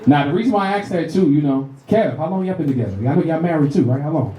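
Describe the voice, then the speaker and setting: A middle-aged man doing stand-up comedy, telling animated profane stories and working the crowd on a club stage. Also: a little high, rapid-fire, few pauses. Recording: roomy club with audience laughter.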